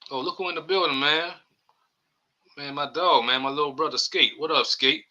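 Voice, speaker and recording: A man's voice: on the high side, normal speed, pushed and bright, dull audio. A man hosting a casual live-stream sports podcast, rambling loosely and reading chat comments aloud. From New Orleans area. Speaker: podcast host.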